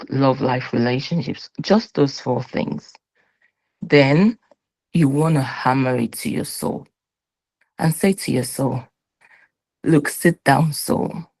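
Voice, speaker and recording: A woman's voice: rumbling low, breathy edge, rough recording. A woman giving a motivational talk, emphatic and instructive, acting out little dialogues with her own soul. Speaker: motivational speaker.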